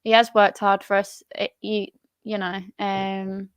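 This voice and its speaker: A woman's voice: medium pitch, flat delivery, measured pace, clear, resonant tone, dry recording. A woman co-hosting a casual football chat show, laughing often and using plenty of fillers. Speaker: podcast co-host.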